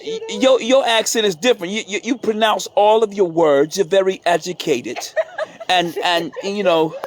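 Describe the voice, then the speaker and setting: A man's voice: high voice, normal speed. A man hosting a casual phone video at an outdoor campsite, playful and teasing, often repeating his words. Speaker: host filming the gathering. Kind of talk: casual chat to camera. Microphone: handheld phone camera.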